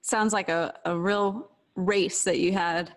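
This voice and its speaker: A woman hosting a podcast interview, asking brisk quiz-style questions and laughing often. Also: medium pitch, steady tone. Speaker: podcast host. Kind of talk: casual interview.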